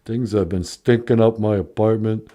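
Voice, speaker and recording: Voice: mid-range voice, fairly even intonation, normal speed, warm tone, lightly acted. A performer doing a mumbling tough-guy impression of a washed-up male movie star, drawling. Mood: boastful.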